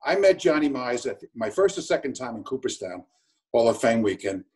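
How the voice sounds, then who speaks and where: A man with a husky, middle-pitched voice chats casually as host, repeating himself a little. He sits well back from the microphone, so he sounds distant. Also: sing-song, brisk, darkish tone. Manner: chatty, repeats phrases. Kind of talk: casual conversation.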